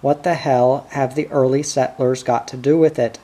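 A man reading the part of a gruff, blunt prospector in an audiobook. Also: mid-range voice, steady tone, normal speed, warm tone, lightly acted.

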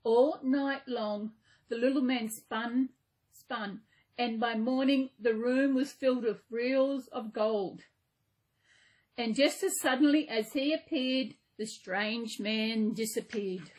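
A woman host reading a fairy tale aloud in a gentle, unhurried way, with small slips now and then. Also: a little high. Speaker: channel host reading a story.

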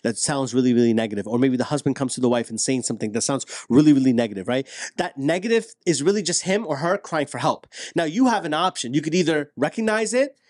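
A man speaking as a guest in a casual podcast conversation, animated and acting out quoted dialogue. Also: mid-range voice, fast, no room sound, studio quality.

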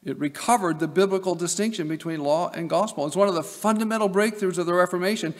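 A man's voice: high voice, fast talker. A man from Nebraska giving an academic lecture as a seminary professor, emphatic, with wry asides. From Nebraska, USA. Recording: long hall reverb.

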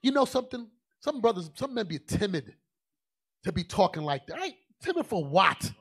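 Male preacher, high-pitched, colloquial and emphatic, swings from muttered asides to shouts. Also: big pitch swings, moderate pace, husky. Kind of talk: sermon.

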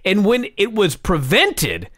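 A man's voice: high voice, huge pitch swings, slow, fairly bright tone, dry recording. Man, podcast co-host, impassioned storyteller, profane, dry sound. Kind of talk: casual wrestling review chat.

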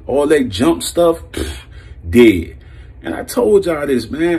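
A man's voice: a little high, darkish tone, breathy edge. A man giving a blunt, heated, profane sports opinion rant as a vlog host, breaking into laughs. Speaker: sports commentary vlogger.

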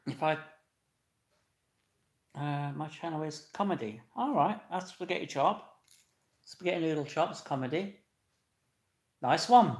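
A man hosts a casual live stream, reading comments and greeting viewers by name with loud, laughing cheer. His voice sits a little high. The room around him is echoey. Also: animated, unhurried, long pauses.

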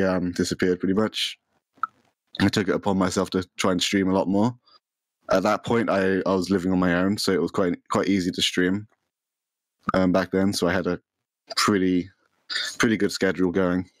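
A man's voice: deep voice, no room sound, poor audio. A young man chatting as a podcast guest about streaming, rambling with many fillers and restarts. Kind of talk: casual chat.

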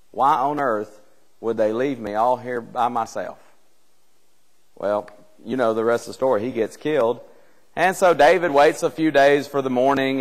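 A male preacher giving a conversational Bible class, retelling a scripture story with rhetorical questions and reading old-style scripture aloud. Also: medium pitch. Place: church hall. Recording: long church hall reverb.

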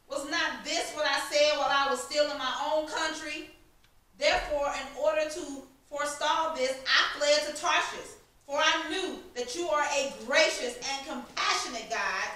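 Woman, steady scripture reader, bright high voice, distant mic. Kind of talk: reading scripture aloud. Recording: very echoey room, far from mic.

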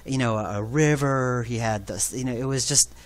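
A man's voice: medium pitch, moderate pace. A man giving a rambling, self-deprecating developer commentary for his own game. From New York.

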